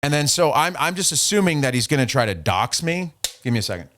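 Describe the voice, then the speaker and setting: A man's voice: mid-range voice, very animated, fast, a bit bright, a little hiss or hum. A man hosting a podcast, casually telling a story in a mocking, profane way. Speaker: podcast host.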